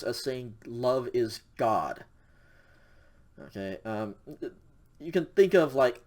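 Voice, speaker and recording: A man teaching a recorded university lecture in a casual way, with frequent ums and okays, who slows down to stress examples. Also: on the low side. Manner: casual, many fillers like um and okay; spells out examples slowly and stresses key words. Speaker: university Greek instructor.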